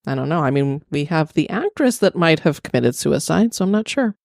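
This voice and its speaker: A woman's voice: low voice, lively intonation, brisk, vocal fry, a little mellow, no echo. Chatty woman podcast host, dry sound. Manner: chatty and conversational. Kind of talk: casual podcast chat.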